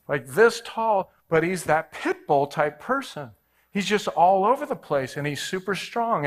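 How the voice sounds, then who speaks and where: A pastor in his forties tells a story from the pulpit, his voice a touch higher than most men's. He drops to near-murmurs and then surges into loud, excited bursts, acting out the people in his tale. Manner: animated, jumps between hushed and loud, acts out voices. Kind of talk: storytelling sermon.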